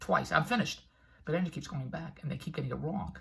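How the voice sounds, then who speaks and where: A man's voice: fairly high pitch, quick pace, gravelly, a little hiss or hum. An older man giving a brash, rambling motivational monologue full of tangents, laughing at his own jokes. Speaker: vlogger and infomercial producer.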